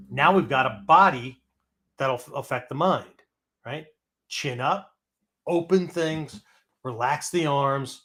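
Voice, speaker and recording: A man's voice: a little high, moderate pace, fairly bright tone. A man hosting a martial arts philosophy show, teaching in a loose, conversational way that tags nearly every point with "right?" or "okay?". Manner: acts out angry voices and breathing as demonstrations. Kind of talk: casual teaching talk.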